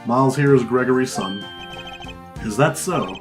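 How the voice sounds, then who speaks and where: A kind, soft-spoken elderly man who takes his time with each word, as a man voices him. His manner is gentle and unhurried. Game music plays in the background. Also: mid-range voice, lightly acted. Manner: slow and gentle.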